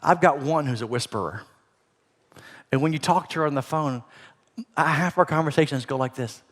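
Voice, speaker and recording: A middle-aged man preaching a sermon as a pastor, animated, swinging between loud emphasis and soft asides. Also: on the high side, normal speed, pauses often. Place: church auditorium. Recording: long hall reverb.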